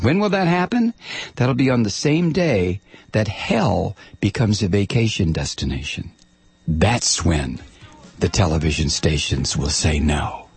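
A middle-aged male host delivering an angry, sarcastic political rant. His voice is gravelly and husky, with a lively, swinging pitch. The sound is dry and close. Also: unhurried, dry recording. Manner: angry, sarcastic, repeats words when heated. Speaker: commentary show host.

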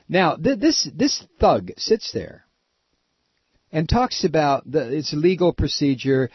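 A man's voice: on the high side, very animated, measured pace, breathy edge, no room sound, lo-fi sound. A man hosting political talk radio, ranting with sarcasm and profanity.

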